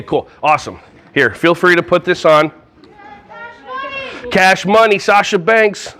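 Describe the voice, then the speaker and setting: A man giving a lively, jokey talk at a conference hall on a wireless mic, often acting out little voices. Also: sits high, slight background noise. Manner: playful, jokey, acts out voices. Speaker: conference speaker. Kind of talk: energetic live workshop talk.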